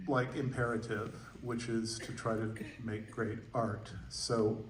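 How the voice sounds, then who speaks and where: A man moderating a post-screening Q&A, musing aloud with many pauses and fillers. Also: mid-range voice, slight background noise. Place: movie theater stage. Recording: roomy, distant theater audio.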